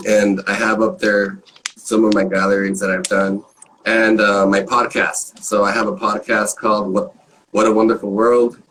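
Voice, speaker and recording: A man from Los Angeles, a guest artist chatting casually with a laid-back, surfer-style voice, swearing often and filling pauses with um and like. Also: lowish voice, distant mic, slight background noise, low-quality recording. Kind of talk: casual chat.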